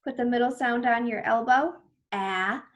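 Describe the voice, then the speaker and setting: A young woman teaching an early reading lesson to children, drawing out phonics sounds and cheering when a word is read. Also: a little high. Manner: slow, exaggerated phonics sounds with bursts of excited praise.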